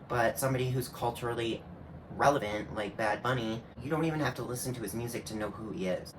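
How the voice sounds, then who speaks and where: A man's voice: mid-range voice, fast, a bit bright. Man, reaction video host, sassy, snarky, slangy asides, casual commentary, faint hiss.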